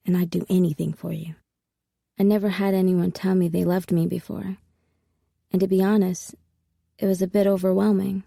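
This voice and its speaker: A woman narrates a first-person audiobook with steady, intimate storytelling. Her voice is heavily gravelly and mellow. It is recorded dry and close on a studio mic. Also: mid-range voice, no echo.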